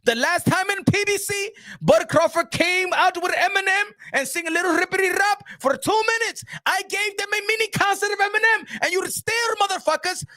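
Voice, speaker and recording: A man doing a shouting rich promoter. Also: very high voice, moderate pace, hardly any pauses, voice pushed up. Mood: exasperated. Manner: shouty, profane, exasperated. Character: boastful rich male boxing promoter, exasperated.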